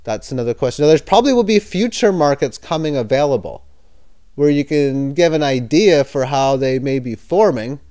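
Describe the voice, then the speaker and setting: A man's voice: medium pitch, lively intonation, normal speed, warm tone. A man giving casual, hesitant commentary on cryptocurrency news, skeptical and sometimes sarcastic. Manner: hesitant, with fillers and self-corrections. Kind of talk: casual screen-share commentary.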